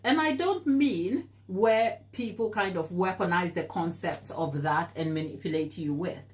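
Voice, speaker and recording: Encouraging woman chatting on a live stream. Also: mid-range voice. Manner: earnest, encouraging, laughs easily; reads and answers viewer comments. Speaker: baking show host. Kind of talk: live-stream chat while baking.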